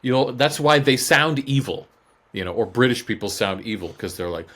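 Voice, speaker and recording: A man who is a guest voice actor, chatting casually in an animated, jokey way on a podcast. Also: medium pitch, normal speed. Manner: animated, jokey, slips into impressions.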